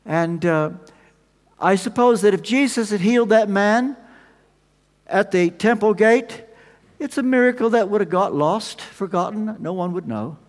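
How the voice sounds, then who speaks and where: A man preaching a sermon, telling the story with animated swings between loud emphasis and quiet asides. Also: high-pitched, unhurried. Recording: long reverb of a large hall.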